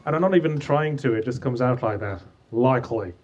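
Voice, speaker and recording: A man's voice: medium pitch, lively intonation, quick pace, a little mellow, lo-fi sound. A man calling in as a guest author, chatting casually with dry, wry humor. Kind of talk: casual chat.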